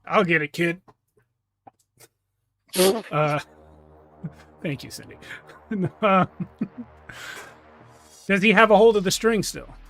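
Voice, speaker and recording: High, bright-voiced tabletop player. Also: male voice, slow, pauses often, soft background music. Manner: asks questions, chatty and joking. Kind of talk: casual tabletop play.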